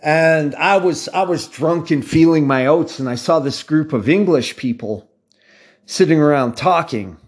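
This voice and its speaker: A man's voice: a little high, a little slow, husky. An American man in his fifties talking casually to his viewers, rambling off on tangents and restarting his sentences often. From United States. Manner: rambling, tangent-prone, with frequent restarts and fillers. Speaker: channel host. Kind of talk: casual talk to camera.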